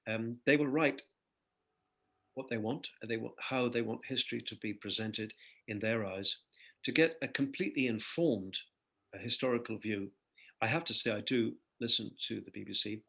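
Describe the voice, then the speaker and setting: A man's voice: medium pitch, gravelly, fairly bright tone, slightly rough. An older man from Ireland, a guest musician in an interview, telling stories reflectively with hesitant fillers. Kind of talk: interview chat.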